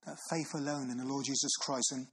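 A man preaching a sermon, earnest, asking listeners questions and slowing for solemn Bible readings. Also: mid-range voice, little pitch movement, a bit bright, husky, low-quality recording. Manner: earnest, asks the listener questions with tag phrases.

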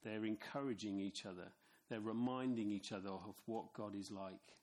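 A man's voice: fairly low pitch, steady tone, moderate pace, darkish tone. A middle-aged man from England preaching a sermon in a chatty, storytelling way, with asides to his listeners. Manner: conversational, anecdotal, with asides to the congregation.

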